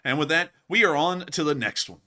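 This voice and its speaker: A man hosting a livestream, reading super chats and thanking viewers in a casual, animated way, often laughing. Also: a little high, a little fast. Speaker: host.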